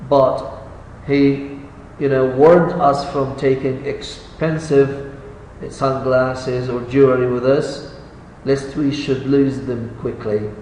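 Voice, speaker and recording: A male English teacher whose first language is Arabic talks slowly and patiently as he works through answers with his students. His voice sits well back from the mic in a roomy space with a long reverb tail. A faint hiss runs under it. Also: medium pitch, flat delivery, a little mellow. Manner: patient, checks answers aloud and repeats words. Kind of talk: recorded online class. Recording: echoey room, voice far from the mic, faint background hiss.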